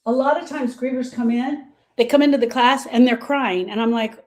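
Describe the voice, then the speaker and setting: A woman grief coach gives viewers a motivational talk, calling them "girl" as she repeats herself emphatically, dropping soft before rising loud. Her voice sits on the high side at a normal speed.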